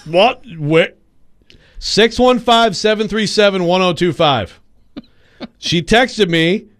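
A man's voice: sits high, slow pace, a bit bright. A man co-hosting sports radio in casual banter, rambling and joking, often cutting himself off mid-sentence. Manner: rambling, self-interrupting, joking.

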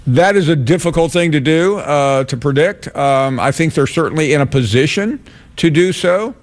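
A man hosting a call-in sports radio show, talking in a measured way with many pauses. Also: on the high side, animated.

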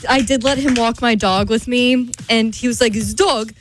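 A young woman co-hosting a radio show, telling a dating story in an animated way. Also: fairly high pitch, moderate pace. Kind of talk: casual chat.

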